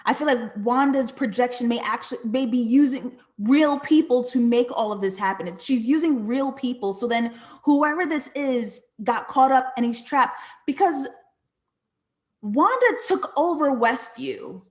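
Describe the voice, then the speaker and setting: Animated woman streaming commentary. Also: sits high, measured pace. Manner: thinking out loud, animated, talks back to chat. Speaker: live show host reading chat comments. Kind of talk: casual live-stream commentary.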